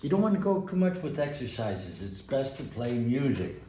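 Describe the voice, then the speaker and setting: A man giving a casual piano lesson, relaxed and encouraging, with folksy asides as he plays. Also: mid-range voice, moderate pace, slight background noise. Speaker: piano teacher. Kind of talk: casual instructional talk at the piano. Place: room with a piano. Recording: roomy sound with piano under the voice.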